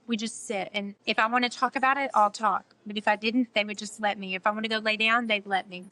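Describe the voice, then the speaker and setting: Emphatic bright-voiced woman. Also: medium pitch. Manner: emphatic, earnest, preacherly. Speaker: guest author. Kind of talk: podcast interview.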